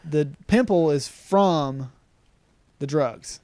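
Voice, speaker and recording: A man's voice: a little high, extremely slow, darkish tone, no room sound, clean studio sound. A young man co-hosting a podcast, retelling a story in casual chat with plenty of "um"s and quoted lines.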